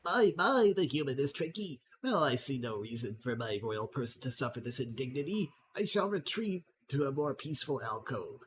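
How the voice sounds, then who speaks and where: A man's voice: mid-range voice, expressive, normal speed, hardly any pauses, fairly bright tone, voice pushed up, natural voice. A man voicing a boastful, cruel male gremlin lord in a computer game, in a smug, taunting, mock-regal manner.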